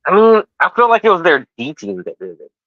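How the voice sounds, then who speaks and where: A man's voice: a little high, huge pitch swings, fairly quick, no echo. Man, casual podcast co-host, rambling and hesitant, dull lo-fi call audio, dry sound. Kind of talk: casual chat.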